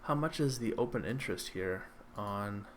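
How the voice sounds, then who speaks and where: Low-voiced man chatting casually about trading. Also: animated, normal speed, slight background noise. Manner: conversational, hesitant with many ums and restarts. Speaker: stock trading livestream host. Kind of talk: casual livestream chat answering viewer questions.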